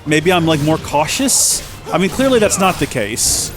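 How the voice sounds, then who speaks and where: A man's voice: on the high side, sing-song, moderate pace, music in the background. A man chatting and joking as a let's play host, rambling as he plays. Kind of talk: gameplay commentary.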